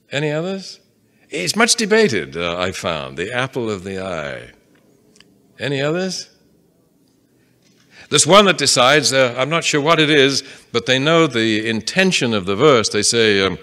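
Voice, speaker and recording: A man's voice: medium pitch, big pitch swings, unhurried, long pauses, bright, forceful tone. A man teaching a Bible class to a live audience, reading scripture aloud and asking the listeners questions in a conversational way. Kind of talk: interactive Bible class lecture. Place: meeting room with a live audience.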